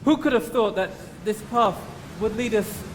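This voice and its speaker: A man's voice: high-pitched, normal speed, long reverb tail, background noise, close to an everyday voice. A man playing an earnest, worried young pilgrim in an amateur play.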